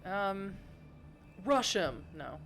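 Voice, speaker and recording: A woman's voice: mid-range voice, big pitch swings, very slow, fairly bright tone, a little hiss or hum. A woman streaming a narrative game, reading its narration aloud and chatting with chatty, giggly joking asides.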